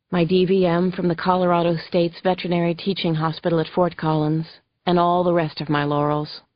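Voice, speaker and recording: A woman with a low voice tells a thriller story in the first person, steady and measured. The recording is dry, with a slightly dull, muffled tone. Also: no echo. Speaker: audiobook narrator.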